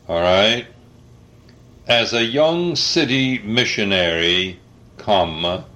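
An older man dictating an article slowly, saying the punctuation aloud, spelling out words, pausing often with uhs. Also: on the low side, a bit bright. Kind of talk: slow dictation with spoken punctuation.

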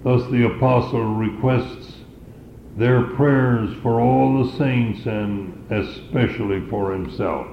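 A man delivers a sermon at a deliberately slow pace, leaning on and repeating key phrases. His voice sits in a roomy, echoing space. The recording is dull and lo-fi, with a faint hiss underneath. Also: mid-range voice. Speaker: preacher.

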